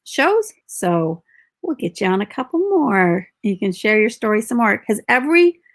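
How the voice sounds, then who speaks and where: A woman hosting a live-streamed podcast interview, upbeat and gently prompting her guest. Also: medium pitch, big pitch swings, moderate pace. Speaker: podcast host.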